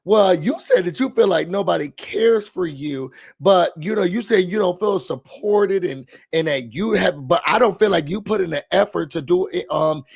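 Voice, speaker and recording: A woman's voice: on the low side, normal speed, vocal fry, few pauses, darkish tone, husky. A man doing a hesitant, preachy woman.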